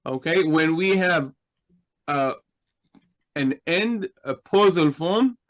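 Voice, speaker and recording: A man's voice: on the high side, animated, slow, fairly bright tone, rough recording. A man teaching a class in a patient, explanatory way, asking his students questions. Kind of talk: slow, deliberate Hebrew grammar lesson.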